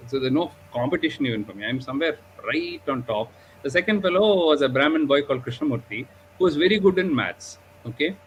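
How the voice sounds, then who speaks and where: Animated man telling a story. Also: a little high, fast, a little hiss or hum, poor audio. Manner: animated, repeats 'okay?' and 'you know'. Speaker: diabetes doctor. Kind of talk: storytelling in a live discussion.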